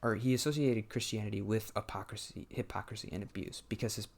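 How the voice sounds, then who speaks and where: A man's voice: fairly low pitch, steady tone, quick pace, creaky. A man talking casually while he plays a game, thinking aloud in a hesitant way and often restarting his sentences. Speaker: gameplay commentator.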